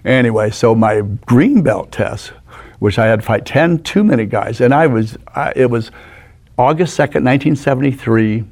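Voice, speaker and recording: Animated storytelling man in his sixties. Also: mid-range voice, moderate pace. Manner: animated raconteur, acts out the people in his stories. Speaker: guest. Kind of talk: anecdotal storytelling. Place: studio.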